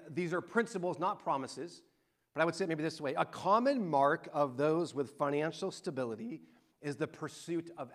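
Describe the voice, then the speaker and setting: A middle-aged man preaching a sermon and telling an animated, excited story to his congregation. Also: on the high side. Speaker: pastor.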